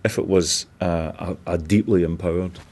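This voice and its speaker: A man's voice: sits low, steady tone, normal speed, a little mellow. Thoughtful man hosting. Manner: musing, thoughtful, asks long questions. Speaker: co-host. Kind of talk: casual chat and interview.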